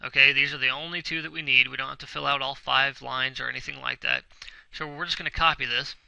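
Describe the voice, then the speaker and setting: A young man narrating a screen tutorial in a casual, reassuring way, checking in again and again. His voice is very bright and has a gravelly fry. The sound is dry, close to the mic. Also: mid-range voice, steady tone, quick pace, dry recording, rough recording. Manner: casual, reassuring, repeats himself often with "okay?". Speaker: web tutorial instructor. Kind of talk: screen-recorded tutorial walkthrough.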